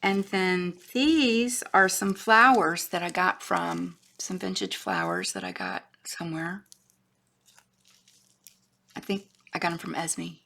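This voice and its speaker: Woman craft vlogger, gravelly and bright-toned, rambling show-and-tell, slips into soft whispers. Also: on the low side, animated, slow. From Florida, USA. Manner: chatty, rambling, trails off and restarts, drops to a whisper at times.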